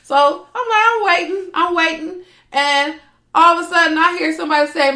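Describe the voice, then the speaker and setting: Woman podcast co-host, bright voice, animated storyteller, laughs a lot, echoey room. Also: very high-pitched, moderate pace. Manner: animated storyteller, laughs often, acts out quotes. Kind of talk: casual chat, storytelling.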